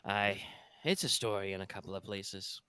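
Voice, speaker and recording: A man voicing a gruff, tusked female orc bosun with a gravelly, slightly breathy voice. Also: on the low side, moderate pace, pushed and bright, no echo. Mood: solemn.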